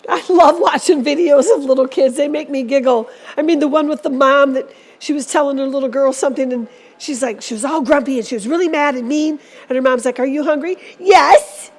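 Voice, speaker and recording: A woman's voice: sits high, fairly quick, few pauses. A woman preacher giving a sermon in a church, speaking earnestly and urging her listeners on. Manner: earnest, exhorting.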